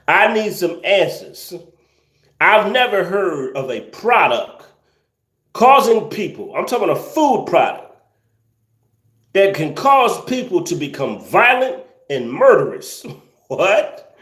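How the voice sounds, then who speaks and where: A man's voice: high-pitched, fairly bright tone, roomy sound. A man hosting a casual livestream, reading viewer comments and ranting with incredulous laughter and slang.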